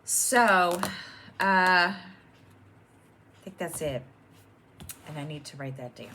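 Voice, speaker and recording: A woman's voice: on the low side, slow pace, noisy background. A middle-aged woman chatting casually at home as host of her own stitching channel, rambling with many ums and restarts. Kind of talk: casual chat to camera.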